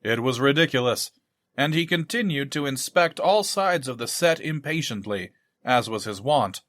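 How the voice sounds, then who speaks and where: A man reading a novel aloud in measured scripted narration. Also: medium pitch, animated, a bit bright, no room sound, studio quality. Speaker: audiobook narrator.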